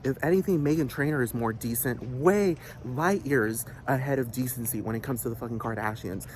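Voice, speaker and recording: Fairly quick and mid-range, a male vlogger's voice carries a heated, cursing rant against faint background noise. He circles back on the same points and repeatedly asks if the listener understands.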